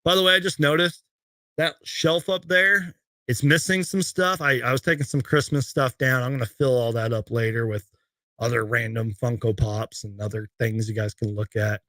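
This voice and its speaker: A man's voice: medium pitch, flat delivery, moderate pace, sharp tone, dry recording. A young man hosting a casual live Q&A stream from home, rambling chattily as he reads viewer questions. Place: home room with shelves of collectibles.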